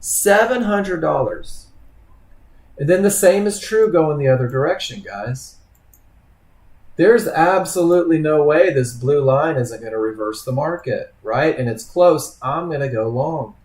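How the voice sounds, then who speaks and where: A man's voice: a little high, animated, moderate pace, darkish tone. Man teaching trading, echoey room. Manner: conversational, addresses students by name, acts out trader thoughts. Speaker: trading instructor. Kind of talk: live webinar teaching.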